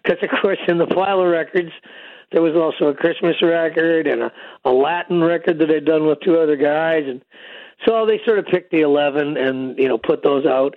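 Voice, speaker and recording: An older man phones in to tell long, wandering stories, full of "you know" and "um." His voice sits a little high for a man and comes through a thin phone line. The sound is close and dry. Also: moderate pace, no room sound. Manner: long rambling storytelling with many fillers. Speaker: guest musician. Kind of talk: casual interview over the phone.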